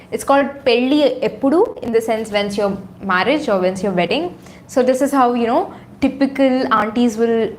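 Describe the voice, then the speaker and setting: A woman's voice: mid-range voice, slight background noise. A woman from India chatting casually on a livestream from her room, reading out viewers' comments with lots of fillers. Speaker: YouTuber on a livestream. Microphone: phone or camera on a tripod.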